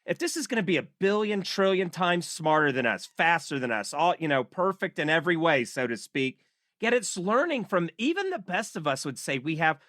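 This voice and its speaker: A man's voice: on the high side, sing-song, brisk, fairly bright tone, dry recording, clean studio sound. A man hosting a podcast, asking chatty, rambling questions full of "you know.". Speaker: podcast host. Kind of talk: podcast interview.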